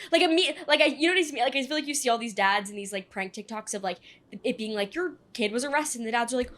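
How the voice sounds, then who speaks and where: Animated young woman telling stories. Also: fairly quick. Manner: animated storyteller, acts out quotes with big pitch jumps. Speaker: podcast co-host. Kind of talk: casual chat storytelling. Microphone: podcast studio mic.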